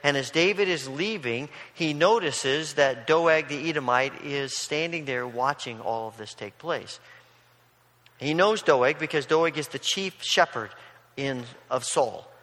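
Bright-voiced preacher in a reverberant hall. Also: male voice, on the high side, animated, a little slow. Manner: storytelling, paraphrasing scripture in casual voices. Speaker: pastor. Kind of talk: sermon.

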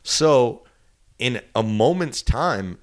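A man in his thirties with a New Jersey accent, telling a lively story as an interview guest and acting out the quotes. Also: very slow. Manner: animated, acts out quotes with big pitch jumps.

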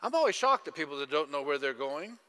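A man's voice: on the high side, big pitch swings, fast, pushed and bright, big-room sound. A man preaching a sermon, telling stories and putting questions to the congregation. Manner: storytelling, asks audience questions. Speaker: pastor.

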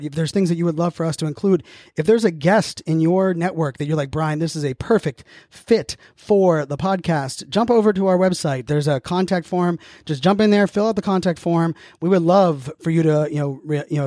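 A man's voice: a little high, dark tone, no echo, clean studio sound. A man hosting his own podcast, speaking in an earnest, motivational monologue with frequent fillers and restarts. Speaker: podcast host.

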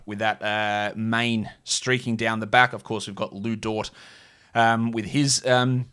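A man's voice: medium pitch, fairly even intonation, fairly quick, fairly bright tone. An Australian man hosting a podcast, chatting casually and joking as he thinks aloud, with plenty of fillers. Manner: rambling, jokey, thinks aloud with many fillers. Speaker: podcast host. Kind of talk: casual solo podcast chat.

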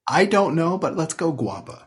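A man from Colorado co-hosting a casual music podcast, easygoing, with halting restarts. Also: fairly high pitch, big pitch swings, breathy edge. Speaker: podcast co-host.

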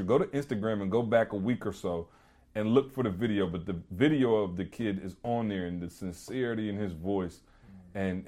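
Low-voiced man telling a rambling story. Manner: animated, rambling with many "you know" and "like" fillers. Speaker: podcast co-host. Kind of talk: casual storytelling chat.

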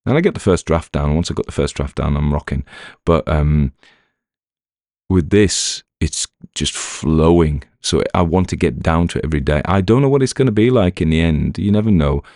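Northern english guy, really deep low voice, rambling chat with lots of ums and restarts, dry close mic. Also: normal speed, a little mellow, dry recording. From Northern England. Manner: rambling, self-deprecating, many fillers and restarts. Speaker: podcast narrator and writer. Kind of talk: rambling casual talk to listeners.

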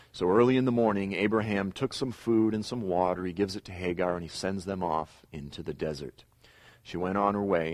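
A middle-aged man with a lowish voice gives a Bible lesson. He retells the scripture story with pauses and emphatic repeats. The sound is close and dry, with no room echo. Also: darkish tone. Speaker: Bible teacher. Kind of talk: teaching lecture.

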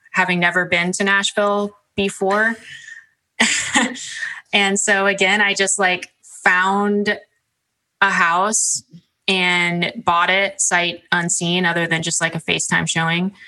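A woman's voice: lowish voice, sharp tone, rough recording. A young woman chatting casually as a podcast guest, with many "like" and "um" fillers. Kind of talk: casual interview chat.

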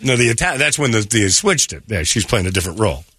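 A man's voice: lowish voice, quick pace, slightly rough, no room sound. A man hosting a morning radio show, chatting casually and joking with a laugh between lines. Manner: jokey, laughing, animated delivery.

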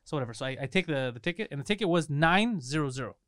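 A man rattling off a story at a fast clip, his voice smooth and clear and fairly high for a man. He swears freely and acts out both sides of the argument. The recording is dry and close-miked, as in a studio. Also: dry recording. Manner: animated, profane storyteller acting out dialogue. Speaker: podcast co-host. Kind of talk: casual storytelling.

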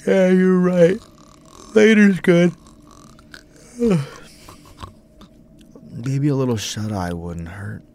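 A man's voice: fairly high pitch, extremely slow, pauses often, warm tone, a little hiss or hum. A man voicing a nervous young priest who rambles and stumbles when flustered.

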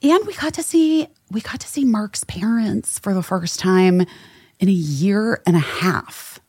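This podcast co-host speaks in a husky, medium-pitched voice at a slightly slow pace, recorded dry with clean studio sound. She's telling stories in relaxed conversation, animated and slipping into impressions of other people.

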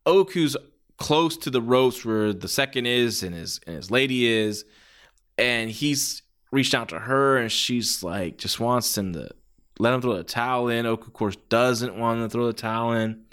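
A man's voice: medium pitch, normal speed, a bit bright, clear, resonant tone. A man giving a casual, rambling spoken review of a wrestling match. He swears freely and often restarts his sentences.

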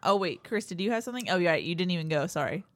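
A woman's voice: fairly low pitch, animated, fast, dry recording. Upbeat woman on a sports podcast. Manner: upbeat, laughs often. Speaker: podcast co-host. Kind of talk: casual sports chat.

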